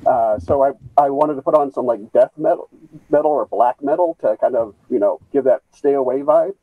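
A man calling in over a video call, talking in a rambling, halting way with many restarts. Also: medium pitch, no room sound. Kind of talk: rambling casual chat. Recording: tinny phone-like call line.

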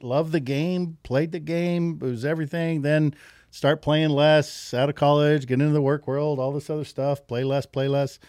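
A man's voice: medium pitch, darkish tone, no echo, clean studio sound. A middle-aged man telling a story as a podcast guest, laughing often and acting out the people he quotes. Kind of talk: casual storytelling.

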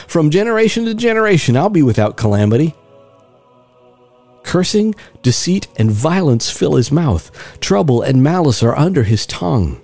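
A man hosting a scripture reading, reading in a measured, solemn way with rising emphasis and leading listeners in prayer. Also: medium pitch, dark tone, husky. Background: faint music.

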